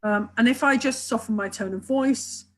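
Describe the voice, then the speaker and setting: A woman's voice: fairly high pitch, normal speed, low-quality recording. A woman who works as a couples therapist, talking enthusiastically and at length in a webinar, explaining her ideas with many asides. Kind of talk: webinar talk.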